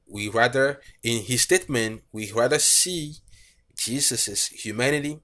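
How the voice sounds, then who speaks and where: A man's voice: mid-range voice, animated, unhurried, sharp tone. A male preacher giving a bible teaching, reading verses aloud and explaining them with frequent fillers. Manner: reads scripture aloud, frequent fillers and "okay".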